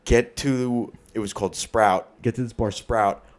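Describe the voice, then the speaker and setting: A man with a New York accent, co-hosting a podcast and telling profane, animated bar stories in casual chat. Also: on the low side, unhurried. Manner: profane, animated storyteller, acts out rowdy drunks. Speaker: podcast co-host.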